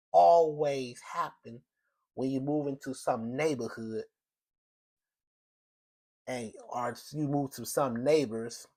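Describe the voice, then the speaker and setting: A man from the United States hosting his own show, giving an emphatic, repetitive monologue full of restarts. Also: fairly high pitch. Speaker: show host. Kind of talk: opinionated solo monologue.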